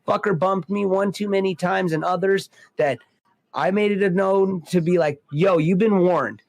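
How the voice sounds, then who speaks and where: A man hosting a podcast, telling a profane, animated story in casual chat. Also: high voice, normal speed, creaky, no room sound. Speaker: podcast host.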